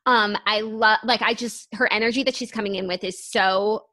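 A woman's voice: mid-range voice, steady tone, moderate pace, pushed and bright. A young woman co-hosting a podcast, chatting casually in an earnest, thoughtful way with many fillers. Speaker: podcast co-host. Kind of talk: casual chat.

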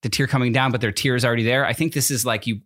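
A man's voice: medium pitch, fairly even intonation, fairly bright tone. Hesitant man in casual chat. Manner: hesitant, halting, dry. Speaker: co-host.

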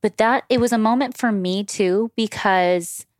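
A woman's voice: mid-range voice, unhurried, no echo, clean studio sound. A woman in her thirties, a podcast guest, talking candidly about personal experiences in casual chat at home. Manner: candid, confessional storytelling.

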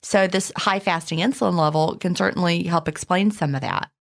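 Woman podcast cohost, low voice with a gravelly fry, easygoing chatty talk. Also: brisk. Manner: chatty, reads listener questions aloud. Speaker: podcast co-host. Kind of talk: casual podcast chat.

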